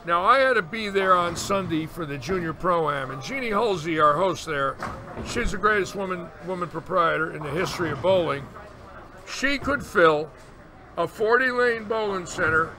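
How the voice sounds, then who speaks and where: A man in his sixties, a bowling commentator, telling long stories in casual chat and acting out the quotes. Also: high voice. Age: 60s. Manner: animated storyteller, acts out quotes. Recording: noticeable background noise.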